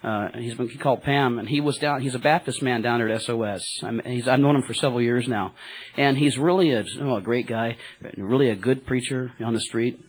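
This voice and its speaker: A man, a cab driver, telling a rambling, excited testimony to a church group, full of fillers and restarts. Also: mid-range voice, fairly quick, breathy edge, low-quality recording.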